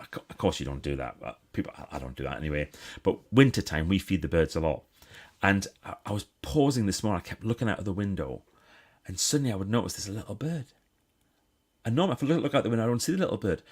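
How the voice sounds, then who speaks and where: A man with a northeast English accent hosting a casual live stream, chatty and breaking into excited exclamations. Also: lowish voice. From northeast England.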